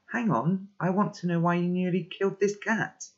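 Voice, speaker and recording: A man's voice: sits high, steady tone, normal speed, pitched above the performer's own voice. A man reading aloud, voicing an anxious, earnest boy of about twelve who presses with urgent questions. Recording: dull lo-fi recording.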